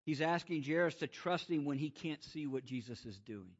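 A man preaching a sermon, swinging from loud, rising exclamations to quiet, hushed emphasis. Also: on the high side, expressive, normal speed. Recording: muffled lo-fi sound.

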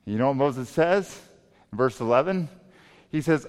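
A man's voice: mid-range voice, lively intonation, moderate pace, long pauses. Emphatic male preacher in a reverberant hall. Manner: emphatic, swings between loud and quiet. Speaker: pastor. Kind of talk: sermon. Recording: long reverb of a large hall.

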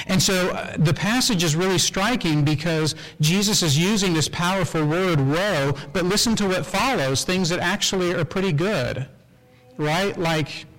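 Male pastor, a bit high-voiced, expository sermon delivery, rhetorical and searching. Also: fairly bright tone, long reverb tail, low-quality recording. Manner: explanatory, rhetorical questions, frequent fillers.

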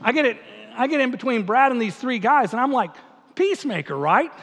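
A man's voice: extremely high pitch, animated, a little fast, fairly bright tone. A male pastor telling a story in a sermon, acting out the dialogue and laughing at his own story. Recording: long reverb of a large hall.

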